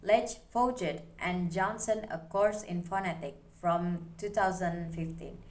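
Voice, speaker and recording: A woman's voice: fairly low pitch, steady tone, a little slow. A young woman student giving a recorded class presentation, explaining steadily as she reads through her slides.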